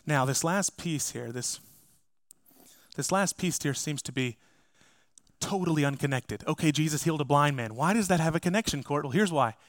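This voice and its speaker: A man's voice: a little high, animated, normal speed, no echo. A man preaching a sermon as pastor, emphatic and speaking straight to his congregation. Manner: emphatic, addresses the congregation directly.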